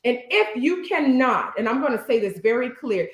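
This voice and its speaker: A woman therapist talking earnestly and emphatically straight to her listeners, stumbling now and then as she picks her words with care. Her voice sits a little high for a woman. The sound bounces around a reverberant room. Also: lively intonation, normal speed, hardly any pauses. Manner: stutters a little, choosing words carefully. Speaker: therapist and social worker, co-host. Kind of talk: casual couple's talk show.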